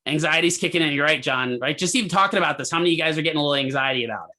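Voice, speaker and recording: A man teaching a physical therapy class, telling a hospital story in a lively way and asking students questions. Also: a little high, racing. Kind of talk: lecture with a clinical story.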